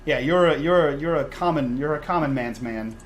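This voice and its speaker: A man's voice: fairly high pitch, a little fast, low-quality recording. A man narrating a tabletop role-playing game as dungeon master, describing scenes with frequent restarts and fillers. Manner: descriptive, restarts often with uh and repeated words.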